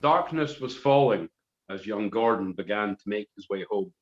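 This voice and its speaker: A man's voice: on the low side, lively intonation, normal speed. A man narrating a comic story in a mock-dramatic way. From Scotland. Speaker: musician reading a story on a live stream. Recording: roomy, dull live stream audio.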